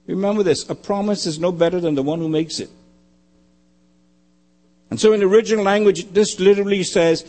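A man preaching a sermon, emphatic and repetitive, often dropping to a quiet low. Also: brisk. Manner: emphatic, repeating phrases, dropping to quiet lows.

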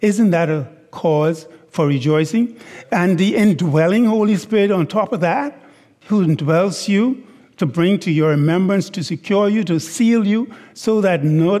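A man preaching a sermon, slow and deliberate, stressing words and asking the congregation rhetorical questions. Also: high voice, dark tone. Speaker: pastor. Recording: long hall reverb.

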